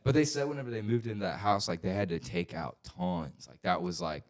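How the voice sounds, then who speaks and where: A young man with a deep, low voice tells a rambling, profanity-laced story in casual podcast chat. He leans on "like" constantly and grows loud and worked up when the story turns scary. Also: brisk. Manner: rambling, profane, full of "like" fillers, gets loud and excited at scary parts. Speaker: podcast co-host.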